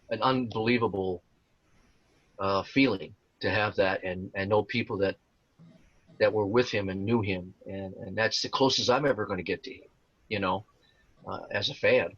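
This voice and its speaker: Unhurried and husky, his lowish, fairly bright voice keeps a fairly even intonation and pauses often. He's a man in his sixties, a tribute performer telling meandering stories in an interview, with many fillers and restarts, captured with no echo in dull lo-fi sound.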